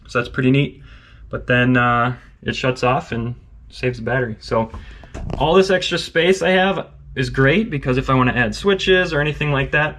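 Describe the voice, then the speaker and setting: A man's voice: medium pitch, a bit bright. A man casually narrating his truck build in a garage, rambling with lots of fillers and upbeat asides. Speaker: car build vlogger.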